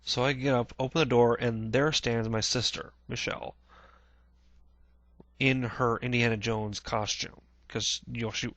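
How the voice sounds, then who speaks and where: A man vlogging a casual personal recollection, halting with many restarts, clearing his throat often and swearing casually. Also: on the low side, bright, forceful tone, no echo. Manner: plain-spoken, swears casually.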